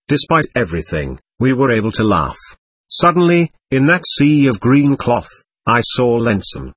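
Husky-voiced man reading an audiobook. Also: mid-range voice, normal speed, no echo. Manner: steady first-person reading. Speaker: audiobook narrator. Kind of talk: scripted audiobook narration.

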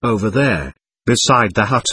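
A man's voice: lowish voice, lively intonation, normal speed, bright, forceful tone, slightly rough, no echo, heavily acted. A man voicing a deferential young male soldier who reports respectfully to an officer, in a dry recording.

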